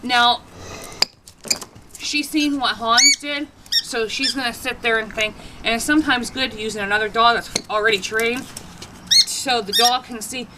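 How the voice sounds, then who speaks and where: A woman vlogging a casual dog training demonstration, chatty, breaking into high sing-song praise for her dogs. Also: normal speed, heavy background noise.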